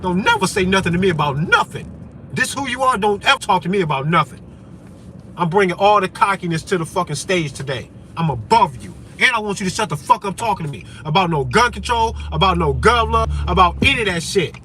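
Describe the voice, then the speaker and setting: Vlogger: man with a slightly high voice, combative and profane, faint vehicle hum behind. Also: big pitch swings, fairly quick, sharp tone. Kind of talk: profane ranting monologue.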